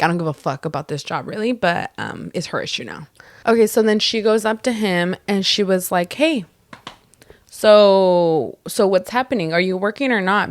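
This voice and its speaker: Young female co-host, slightly low and dry, casual animated storyteller. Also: dry recording. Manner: animated storytelling, acts out quotes, swears freely. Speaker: podcast co-host. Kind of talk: casual chat.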